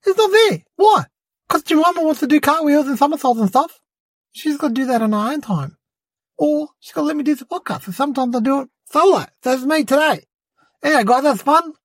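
This comedic monologue features an adult voicing a cheeky boy podcast host who boasts, rambles, fibs and often calls people "mate." The voice is high with lively intonation and a fairly quick pace, recorded with no room sound.

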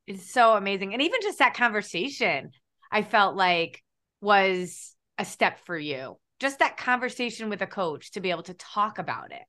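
A woman's voice: mid-range voice, animated, normal speed, bright, forceful tone. A woman hosting a casual interview, enthusiastic and encouraging as she asks questions. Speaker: host.

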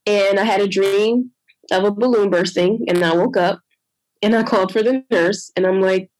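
A woman telling a personal story in casual conversation, animated and acting out what others said. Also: mid-range voice, moderate pace, no echo, rough recording. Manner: animated, re-enacts others with lively quoted voices. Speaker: guest sharing a personal story.

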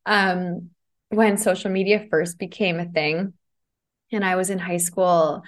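A woman's voice: lowish voice, measured pace. A young woman hosting a casual, confessional podcast from a podcast room in a co-working space, candid and laughing often as she swears freely. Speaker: podcast host and self-love coach.

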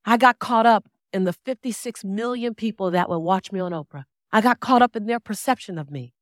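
A woman's voice: fairly high pitch, no room sound, studio quality. A woman in her forties giving a motivational speech on stage, telling her story dramatically, acting out quoted dialogue and repeating key phrases for emphasis. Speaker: motivational speaker. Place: stage before a live audience.

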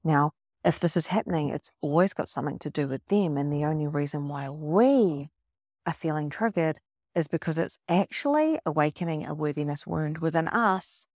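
A middle-aged woman coach, talking in an emphatic, expressive way and acting out the people she quotes. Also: sits low, normal speed, dry recording, clean studio sound. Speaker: spiritual coach. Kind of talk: casual motivational monologue.

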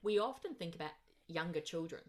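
A woman's voice: on the low side, lively intonation, a little fast, darkish tone. A woman hosting a casual conversation, listening supportively and agreeing often. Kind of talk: casual chat.

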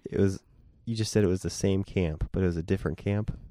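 A man's voice: low voice, steady tone, fast, warm tone, no room sound. A young adult man co-hosting a casual chat with his wife, teasing her with dry understatement. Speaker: podcast co-host.

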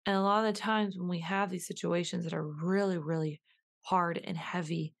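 A woman's voice: on the low side, fairly even intonation, moderate pace, gravelly. Musing woman, repeating her questions. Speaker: podcast host. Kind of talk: reflective solo podcast monologue.

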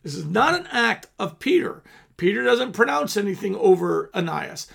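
Guy doing casual bible teaching, high voice that swings all over, reads verses then riffs on them. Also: very animated, normal speed, vocal fry, a bit bright. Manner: informal, with frequent restarts between scripture readings.

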